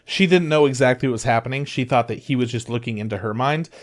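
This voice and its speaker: A fast-talking man with a mid-range voice co-hosts a podcast, casually retelling anime plots. He swears a lot and uses many filler words.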